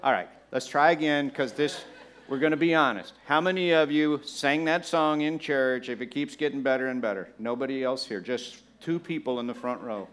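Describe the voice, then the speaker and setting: A man preaching a sermon to a congregation, conversational and animated, acting out the voices of churchgoers and laughing along with the room. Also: medium pitch, normal speed. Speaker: pastor.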